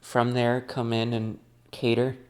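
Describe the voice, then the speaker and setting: A man's voice: medium pitch, monotone, a little slow. A chatty young man talks casually with friends in a family home. He rambles and restarts often, piling on asides as he goes.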